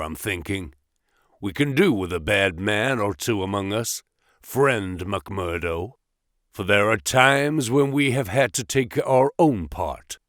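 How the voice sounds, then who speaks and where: A man reads as a burly gang boss who growls his words low and slow, with a mocking edge. His voice sits deep and heavy, and the recording is close and dry. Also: a bit bright, dry recording. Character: burly menacing male gang boss, gruff.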